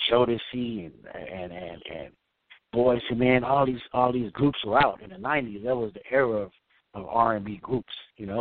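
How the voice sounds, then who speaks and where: A man's voice: lowish voice, no echo. Laid-back Bay man over a tinny line. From Oakland, California. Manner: laid-back, peppers speech with "man" and "you know". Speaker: musician guest. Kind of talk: casual storytelling interview. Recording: tinny phone-like line, dry.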